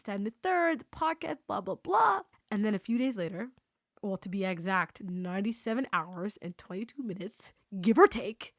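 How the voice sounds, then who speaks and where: A woman podcast host telling a story in a casual, excitable way, acting out the dialogue she recounts. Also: medium pitch, no room sound, clean studio sound. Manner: animated, excitable, acts out quoted dialogue.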